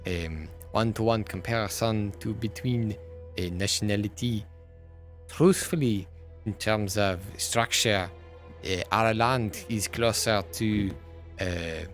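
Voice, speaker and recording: A man's voice: lowish voice, slow, faint music behind. A man playing a tabletop game, chatting out of character in a hesitant, explanatory way. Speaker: tabletop role-play player. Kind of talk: casual out-of-character chat. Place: home setup, streaming.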